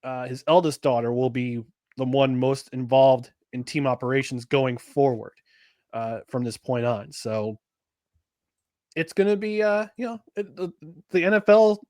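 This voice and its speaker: A man's voice: medium pitch, measured pace, darkish tone, no room sound, clean studio sound. Rambling sports podcast co-host, man. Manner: rambling, many restarts and fillers. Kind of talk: casual sports chat.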